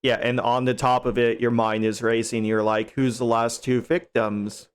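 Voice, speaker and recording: A man's voice: mid-range voice, level tone, moderate pace, smooth. A man co-hosting a movie podcast, chatting casually and chiming in with short remarks. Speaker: podcast co-host.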